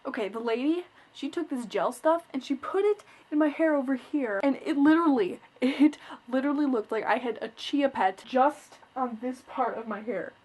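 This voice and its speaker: A woman's voice: high voice, normal speed, darkish tone. A teenage girl telling a story in a casual vlog, chatty and exasperated, full of "like" and acted-out quotes. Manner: chatty, retells scenes with quoted voices, lots of "like"; exasperated, complaining. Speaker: vlogger.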